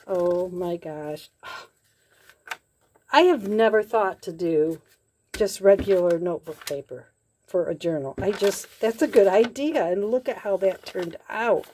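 Woman, crafting vlogger, unhurried talk, mellow tone, gushing exclamations. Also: mid-range voice, a little hiss or hum. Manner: gushing, excited, many soft exclamations. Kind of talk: casual unboxing chat.

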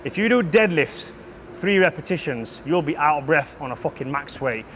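Brash swearing gym coach. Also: male voice, on the high side, animated, moderate pace, fairly bright tone, slight background noise. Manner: brash, profane, lecturing. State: out of breath between sets. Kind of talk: blunt gym tutorial with heavy swearing.

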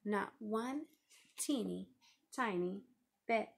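A woman reading a children's picture book aloud, expressive and lively. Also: medium pitch, takes it slowly, gravelly, slight background noise. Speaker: reader.

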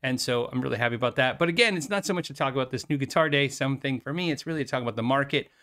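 Middle-aged male host, casual rambling monologue, laughs a lot, medium pitch. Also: racing, a bit bright. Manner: rambling, chatty, laughs often, many fillers and restarts. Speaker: YouTube host, former music store owner. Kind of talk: casual chat to camera.

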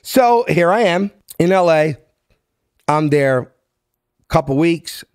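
Man, philly accent, brash animated storyteller, highish voice, dry close sound. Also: slow pace, smooth, dry recording. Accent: Philadelphia. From South Philadelphia. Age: middle-aged. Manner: acts out dialogue in the stories, street-smart and brash. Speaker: guest.

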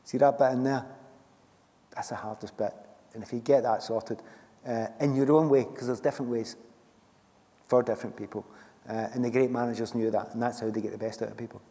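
Middle-aged Scottish man, warm low-toned voice, chatty storyteller on a hall stage. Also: fairly even intonation, fairly quick, pauses often. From Scotland. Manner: chatty, storytelling, laughs often. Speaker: guest author. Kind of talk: stage conversation at a book festival. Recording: long hall reverb from a festival stage.

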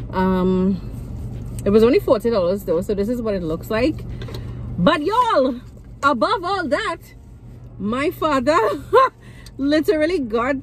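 A woman's voice: a little high, slight background noise, low-quality recording. A young Trinidadian woman vlogging in a casual way, venting animatedly and acting out what people said. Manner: animated, venting, acts out quotes. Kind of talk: casual vlog storytelling.

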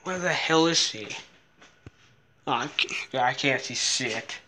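A man filming a casual handheld vlog, jittery and muttering to himself, swearing often, sometimes dropping into soft baby talk to a cat. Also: medium pitch, slow pace, slight background noise. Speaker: vlogger.

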